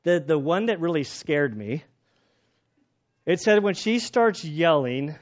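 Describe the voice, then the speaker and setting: A man's voice: on the high side, a little slow. Pastor guy talking through a sermon, chatty, tells stories, kinda muffled audio. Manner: conversational, personal stories, animated when excited.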